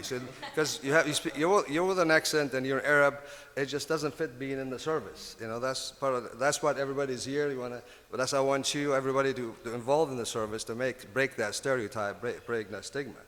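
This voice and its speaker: A man in his fifties with a heavy Lebanese Arabic accent, sitting on a panel. He talks in halting stretches, restarting his sentences often, at a mid pitch for a man. His voice carries a long reverb from a conference hall. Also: fairly bright tone. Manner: halting, many restarts, acts out dialogues. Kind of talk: panel talk. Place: convention hall.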